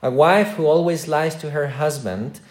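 A man's voice: a little high, normal speed. A male pastor preaching a sermon to his congregation, earnest and direct, putting rhetorical questions to his listeners. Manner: preaching with wide swings between loud emphasis and quiet asides.

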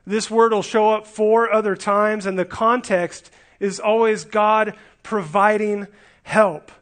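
High-pitched male preacher, earnest and emphatic, expository sermon. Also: steady tone, slow, fairly bright tone. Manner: earnest, emphatic, with frequent restarts and rhetorical questions.

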